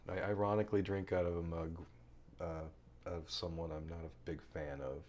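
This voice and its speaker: Deep-voiced man in a joking fake foreign accent. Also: little pitch movement, normal speed, a little mellow. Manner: rambling, with many fillers. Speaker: firmware developer streaming his coding work. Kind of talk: casual live stream chat.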